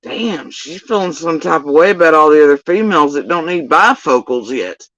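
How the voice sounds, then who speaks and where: A woman ranting through a livestream reaction with a sarcastic, profane bite. Her pitch swings widely from line to line. The sound is dry and a little muffled. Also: expressive, moderate pace, fairly bright tone, no echo. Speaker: livestream host. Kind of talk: casual reaction commentary.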